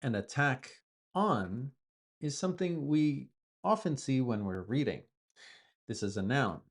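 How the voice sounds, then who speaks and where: A man's voice: medium pitch, animated, a little slow. A man teaching English, explaining word use patiently with repeated examples as a native speaker. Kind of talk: explaining vocabulary from the news.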